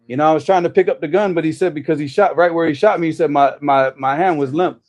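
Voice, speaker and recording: A man telling a story in casual conversation, animated, often restarting his sentences. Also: a little high, quick pace. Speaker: storyteller guest.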